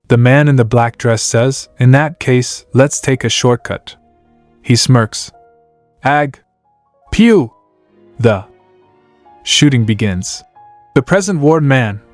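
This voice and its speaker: A man's voice: mid-range voice, dry recording. A man narrating a comic story and reading every character's lines himself, sound words included, in a dry close recording with faint music behind.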